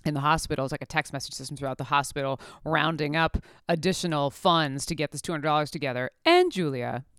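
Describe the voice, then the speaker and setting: A woman's voice: low voice, expressive, fast talker, a bit bright, clean tone, no room sound, studio quality. A woman telling a workplace story in a casual, rambling way, full of fillers and wry asides.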